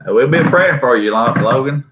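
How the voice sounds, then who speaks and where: A man's voice: medium pitch, animated, brisk, noisy background. A man with a Southern accent co-hosting a live stream, reading out chat comments in a folksy, easygoing way. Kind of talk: casual chat.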